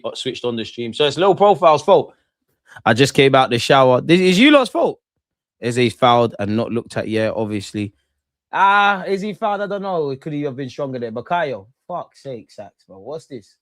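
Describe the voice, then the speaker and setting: A man streams his reaction to a football match, talking straight to his chat and to the players, his voice jumping between calm and loud outbursts. The sound is dry and close, with no room echo. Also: mid-range voice. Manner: excitable, swears, talks to chat and players. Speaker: football watchalong host.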